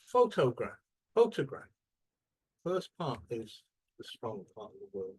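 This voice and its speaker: Lively man teaching a class. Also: fairly low pitch, normal speed, breathy edge. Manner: lively questioning, drawing out word stress. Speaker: English teacher. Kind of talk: classroom lesson.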